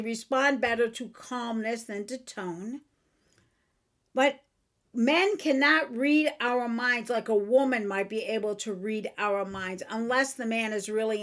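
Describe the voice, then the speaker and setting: A woman hosting a podcast, talking frankly and earnestly about changing your own behavior. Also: a little high. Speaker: podcast host and author. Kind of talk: motivational self-help talk.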